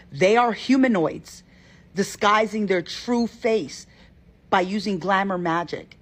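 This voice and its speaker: A woman with a breathy, husky voice tells a spooky personal story straight to her viewers. She is emphatic and expressive and circles back to her points. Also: medium pitch. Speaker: host of a reaction channel. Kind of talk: animated storytime talk to viewers.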